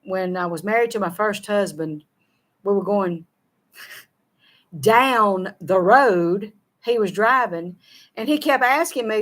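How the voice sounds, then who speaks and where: A woman's voice: mid-range voice, measured pace, a bit bright. A middle-aged woman with a Southern American accent, chatting casually as a show co-host, folksy, laughing often and running her words together. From Southern United States. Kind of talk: casual chat reading viewer comments.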